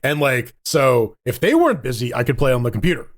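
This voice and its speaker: A man's voice: mid-range voice, sing-song, brisk. A man co-hosting a gaming podcast, joking crudely and reading out listener mail in casual banter. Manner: crude jokes, reads listener mail aloud. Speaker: podcast co-host.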